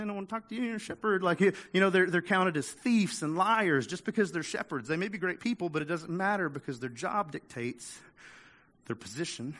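A male pastor delivers a relaxed, conversational sermon, often repeating words as he builds his point. His voice is bright and sits a little high for a man.

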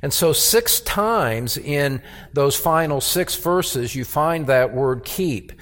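Slow-preaching man in a reverberant hall. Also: fairly high pitch, expressive, fairly bright tone. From United States. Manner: slow, deliberate, repeats key words for emphasis. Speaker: pastor. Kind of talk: expository sermon. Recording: long reverb of a church hall.

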